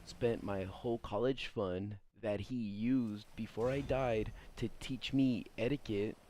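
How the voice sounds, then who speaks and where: A man's voice: lowish voice, steady tone, unhurried, a little mellow, a little hiss or hum, lightly acted. A man voicing a defensive, overwrought young woman in a mocking impression during a casual stream. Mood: defensive, dramatic.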